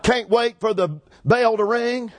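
A man preaching a fiery sermon, rhythmic and repetitive, building up to shouts. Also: extremely high pitch, fairly even intonation, measured pace. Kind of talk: fiery Pentecostal-style sermon.

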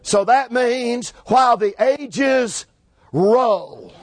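A man preaching a fiery sermon, rhythmic and repetitive, building up to shouts. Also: extremely high pitch, animated, very slow, no echo. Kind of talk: fiery Pentecostal-style sermon.

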